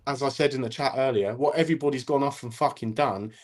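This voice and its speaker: A man's voice: mid-range voice, quick pace. Sweary, heated man. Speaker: guest. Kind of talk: casual ranting talk.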